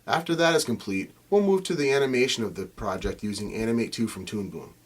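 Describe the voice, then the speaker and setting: A man who voices cartoon characters and co-creates the show, explaining his work in a relaxed way with some fillers. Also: medium pitch, quick pace. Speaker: voice actor and co-creator. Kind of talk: behind-the-scenes narration.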